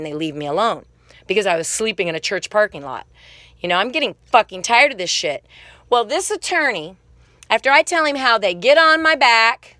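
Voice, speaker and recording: Angry woman vlogger with a sharp tone and a dry sound, cursing through a quick rant. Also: on the low side, dry recording. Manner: heated, swearing, quick angry storytelling. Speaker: vlogger telling her own story. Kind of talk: casual spoken monologue.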